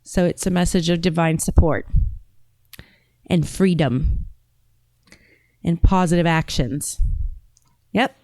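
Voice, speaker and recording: A woman podcast host chats casually in a lowish, darkish voice, taking it slowly with frequent pauses and no room sound. She rambles and thinks aloud with fillers while browsing and reading comments out, her accent drifting between a British-tinged and a Southern sound.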